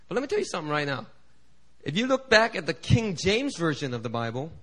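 A middle-aged pastor delivers a sermon in a fairly high voice for a man. He drops to quiet asides, then builds to loud, driving appeals. He acts out quoted prayers in shifting tones. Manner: preaching with big swings in volume, building to shouted climaxes.

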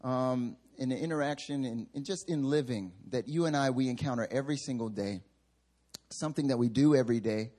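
A man's voice: mid-range voice, fairly quick, dark tone. A male pastor giving a sermon in a church sanctuary, telling humorous, self-mocking stories.

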